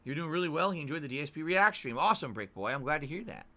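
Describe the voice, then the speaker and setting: A livestream host talking casually through chat questions, sarcastic and quick to mock himself. His voice sits a touch high and bright, and his pitch swings in a very lively way. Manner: sarcastic, self-mocking, with stumbling restarts. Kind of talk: casual live-stream chat, reading chat questions.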